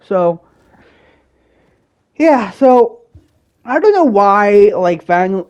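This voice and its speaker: A young man hosting his own channel, telling a personal story in a rambling, casual way, with many fillers and restarts and occasional bursts of loud exasperation. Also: high voice, very animated, drawn-out words, clean tone, dull audio. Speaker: channel host.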